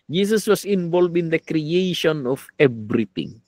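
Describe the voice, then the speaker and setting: Filipino man, Bible teacher, fairly high and animated delivery, dry close recording. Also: unhurried, dry recording. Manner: animated, mixing Tagalog and English, sarcastic asides. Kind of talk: Taglish Bible lecture.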